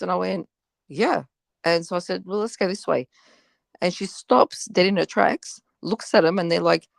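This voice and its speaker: A woman's voice: fairly low pitch, normal speed, vocal fry, no echo. A woman telling a personal story as a guest on a live panel, chatty and full of "you know.".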